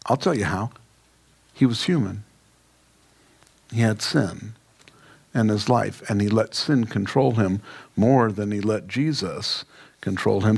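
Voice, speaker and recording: A man preaching a casual Bible-study sermon, informal and emphatic, with joking asides. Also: mid-range voice. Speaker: pastor. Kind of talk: conversational Bible teaching sermon.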